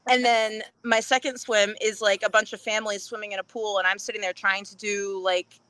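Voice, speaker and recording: A woman's voice: medium pitch, little pitch movement, a little fast, pushed and bright, no echo. A woman chatting casually on a podcast, telling a funny story and acting out quotes with big jumps in her voice and frequent laughs. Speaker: podcast guest.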